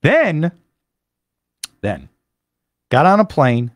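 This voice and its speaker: An American man, a sports radio host, talking fast and eagerly in a studio monologue. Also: fairly high pitch, wildly swooping pitch, no room sound. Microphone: studio microphone.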